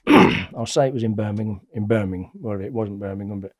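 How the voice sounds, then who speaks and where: A middle-aged man, a guest telling stories in a blunt, colloquial, animated way. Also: on the low side, brisk, no room sound, clean studio sound. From England. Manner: blunt, colloquial, animated retelling with acted-out quotes. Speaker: interview guest. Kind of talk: casual storytelling.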